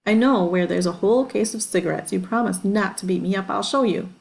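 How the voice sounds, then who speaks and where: A woman voicing a quick-witted young boy who pleads earnestly, in a storybook reading. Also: medium pitch, creaky, darkish tone, lightly acted, rough recording. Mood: confiding.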